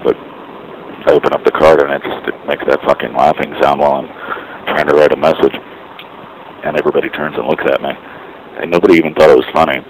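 A man's voice: rumbling low, poor audio. A man talking in a rambling, dry, self-deprecating way, recorded outdoors by a parking lot with traffic noise behind. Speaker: vlogger. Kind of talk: rambling casual monologue.

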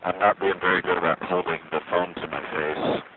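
A very deep, monotone male voice carried down a payphone line, with clear traffic and city noise behind it. He rambles haltingly and wryly, with plenty of uh's and restarts. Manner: halting, wry, full of uh and restarts. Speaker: amateur field recorder. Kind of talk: rambling sound-check monologue. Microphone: payphone receiver. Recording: noisy street payphone line. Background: traffic, car alarm and subway noise.

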